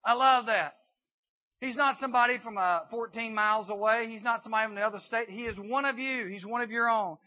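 Man, youth sermon, storytelling, high-pitched, muffled recording. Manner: storytelling, acts out Bible characters in dialogue. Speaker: youth speaker. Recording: dull lo-fi recording.

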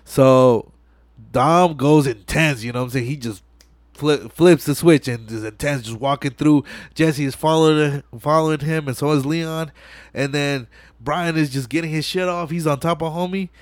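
A young man hosting a podcast recaps a film scene by scene in a slightly high voice at normal speed, on a dry recording. His casual movie chat is full of slang and profanity, told as animated storytelling.

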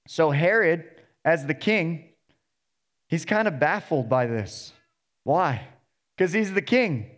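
A man's voice: on the high side, lively intonation, a little slow. Man preaching a storytelling sermon. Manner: storytelling, acting out the characters in plain voice. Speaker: associate pastor.

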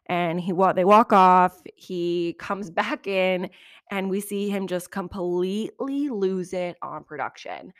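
A woman's voice: mid-range voice, dry recording, clean studio sound. Chatty woman recapping reality TV. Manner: chatty, animated, frequent asides and laughs. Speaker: podcast host.

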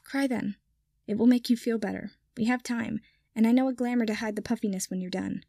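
A woman's voice: fairly high pitch, steady tone, brisk, creaky, warm tone, dry recording. A woman voicing a dry, lightly sarcastic young noblewoman. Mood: teasing.

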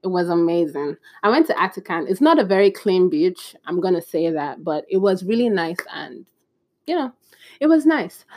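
A young woman in casual storytime chat, chatty and animated, acting out bits of dialogue with exclamations. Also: lowish voice, normal speed, dry recording. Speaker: vlogger.

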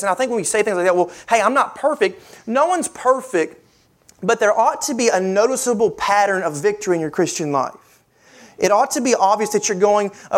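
An earnest woman preaches a sermon in a middle-pitched voice. She presses her points with rhetorical questions and repeats key lines for emphasis.

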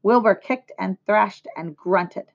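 Teacher lady reading a kids book out loud, steady and clear, dull lo-fi audio. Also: mid-range voice, slow. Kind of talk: storybook read-aloud. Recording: dull lo-fi recording.

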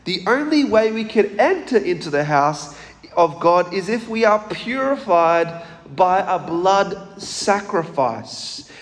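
A man preaching a sermon in a church, measured and emphatic, asking the congregation questions. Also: high voice, animated, big-room sound.

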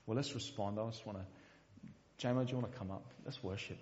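A man's voice: lowish voice, steady tone, a little fast, a little mellow, long reverb tail, dull audio. A man preaching a sermon in a church, speaking earnestly and often repeating the first word of a sentence. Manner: earnest, repeats words when starting sentences. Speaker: pastor.

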